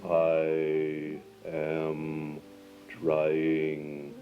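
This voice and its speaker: A man voicing a ghost at a seance, moaning slowly, heard as dull low-fi film audio with music. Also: monotone, exaggerated voice. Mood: eerie. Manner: drawn-out, moaning. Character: slow, deep male ghost at a seance.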